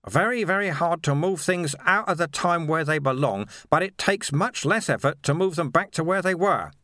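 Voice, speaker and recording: A man voicing a calm, patient old male monk who speaks in a matter-of-fact way. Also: fairly high pitch, moderate pace, dry recording, studio quality, pitched above the performer's own voice.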